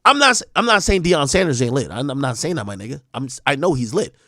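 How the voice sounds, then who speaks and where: A young man hosting a livestream, ranting bluntly and swearing, dropping to mumbles and then rising to shouts. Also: mid-range voice, very animated, fast talker, no room sound, clean studio sound. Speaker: livestream host. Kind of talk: casual livestream rant.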